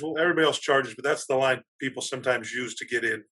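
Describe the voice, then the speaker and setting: A man, an athletic director, telling animated stories as a podcast guest and laughing through them. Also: mid-range voice, fast talker. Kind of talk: casual storytelling on a podcast.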